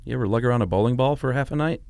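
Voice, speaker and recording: A man's voice: mid-range voice, racing, creaky, a little mellow, dry recording. A middle-aged man co-hosting a podcast in easygoing casual chat, laughing often. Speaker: podcast co-host.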